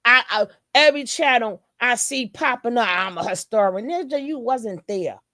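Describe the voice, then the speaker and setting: A woman's voice: on the high side, lively intonation, moderate pace, pushed and bright, dry recording, clean studio sound. A woman with a New York accent, hosting a channel and giving blunt, profane, heated reaction commentary. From New York City. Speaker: channel host.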